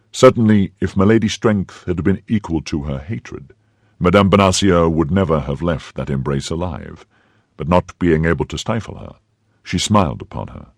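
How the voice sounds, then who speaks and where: A man narrating a classic novel as an audiobook, in an expressive storytelling manner. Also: low-pitched, no room sound.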